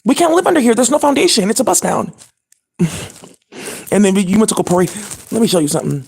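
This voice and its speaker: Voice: medium pitch, sing-song, quick pace, gravelly, a little mellow, slightly rough. A channel host speaking in a profane, scattered and indignant monologue to the camera, with many fillers.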